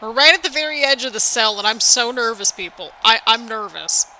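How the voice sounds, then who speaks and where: A woman calls the action of a wrestling video game with a bright, sharp tone. She exclaims constantly and frets aloud to her viewers. The delivery is excitable play-by-play with a faint hiss behind it. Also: a little high, a little fast, low-quality recording. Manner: excitable, anxious, exclaims often, addresses viewers as people. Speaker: gaming video host.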